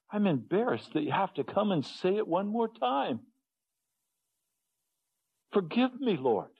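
A male preacher delivering an earnest sermon at an unhurried pace. He swings between low, hushed passages and raised, pleading ones. The recording sounds a little dull and lo-fi.

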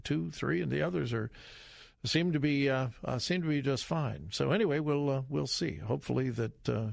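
A man hosting call-in talk radio in a dry studio, his delivery lively and swinging up and down in pitch. There is a gravelly edge to his voice. He comes across as folksy and chatty. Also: no room sound. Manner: animated, folksy, laughs easily. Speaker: radio talk show host. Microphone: studio mic.

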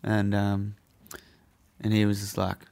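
A man's voice: fairly low pitch, completely flat delivery, slow, gravelly, a little mellow. A young man telling a story in casual chat, laid-back, swearing freely and laughing as he goes.

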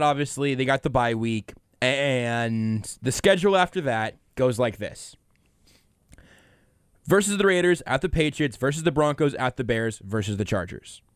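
A man hosting a sports talk radio show, delivering brash, animated hot takes at a rapid clip. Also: fairly high pitch, smooth, no echo, clean studio sound. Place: radio studio.

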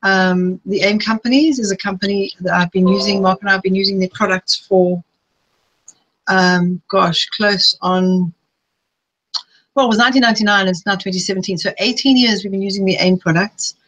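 A chatty middle-aged woman presents a live webinar, speaking at a medium pitch in a steady, fairly bright tone. Her manner is personal, and she builds lists rapidly. The sound is lo-fi, streamed live.

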